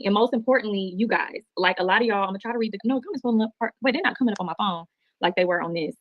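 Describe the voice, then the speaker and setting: Fast-talking woman livestreaming. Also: mid-range voice. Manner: chatty, heartfelt, rambling. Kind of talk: emotional livestream talk. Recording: muffled, dry replayed stream audio.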